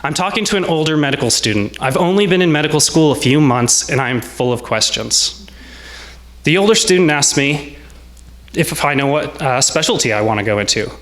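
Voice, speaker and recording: A man in his twenties telling a personal story on stage, in a measured, reflective way with short present-tense lines. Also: on the high side, animated, fairly bright tone. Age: 20s. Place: small salon event space.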